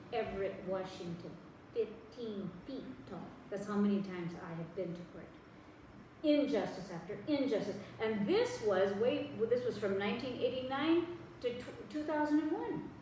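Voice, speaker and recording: A woman preaching a sermon, telling stories lively and acting out the voices of the people in them. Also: mid-range voice, normal speed, slight background noise. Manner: animated storytelling, acting out voices in dialogue. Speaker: pastor. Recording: echoey room, mic at a distance.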